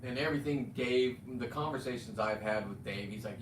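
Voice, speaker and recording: On a livestream, a man with a medium-pitched voice rants at a fairly quick pace, blunt and rambling, swearing and restarting his sentences. The mic sits at a distance, giving a roomy sound with faint ambient noise.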